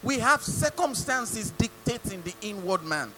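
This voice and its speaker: Nigerian male preacher, lively swooping delivery, faint hum under the voice. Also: high-pitched, measured pace, low-quality recording. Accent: Nigerian English. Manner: animated, mimicking, rhetorical questions to the congregation. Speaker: pastor. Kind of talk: sermon.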